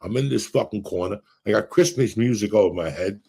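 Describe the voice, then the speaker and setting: A man's voice: on the low side, brisk, creaky, mellow, breathy edge. A man in his sixties, a podcast co-host, telling rambling, profane stories in casual chat. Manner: profane, rambling storyteller with bursts of laughter.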